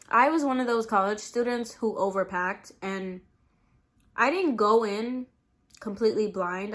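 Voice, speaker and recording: A young woman in college, chatting casually to camera as a vlogger while eating, relaxed and rambling with many fillers. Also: a little high. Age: young adult. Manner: relaxed, rambling, lots of "like" and "you know".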